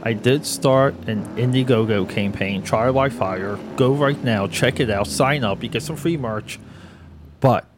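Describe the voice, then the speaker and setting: A man's voice: medium pitch, unhurried, noisy background. A young adult man hosting his own podcast, talking in a casual, rambling, hype-building monologue. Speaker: podcast host.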